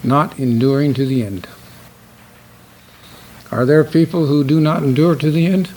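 A man's voice: a little high, a little mellow, a little hiss or hum, low-quality recording. Stern older male preacher. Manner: stern, emphatic, reads scripture slowly. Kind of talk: sermon.

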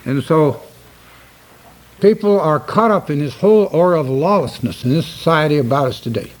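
An older man preaching a sermon, stern and emphatic, slowing down to read scripture aloud. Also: fairly high pitch, lively intonation, rough recording.

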